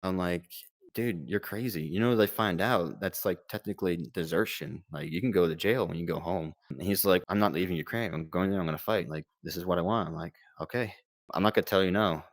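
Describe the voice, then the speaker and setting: A man's voice: low-pitched, fast talker, few pauses, dry recording. A man in his late twenties from the United States, a former combat medic telling his story in a candid, rambling, self-deprecating way. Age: late 20s. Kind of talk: casual storytelling.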